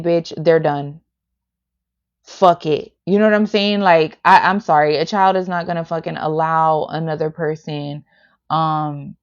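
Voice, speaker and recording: Woman, tarot reader, low voice, blunt, profane, constant filler words, dull lo-fi mic sound. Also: a little mellow. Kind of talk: blunt livestream tarot reading.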